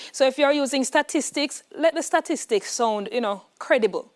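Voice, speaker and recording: A woman's voice: sits high, lively intonation, moderate pace, hardly any pauses. A woman with a Jamaican accent teaching an exam prep lesson in an emphatic, instructive way, checking in with "all right". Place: classroom.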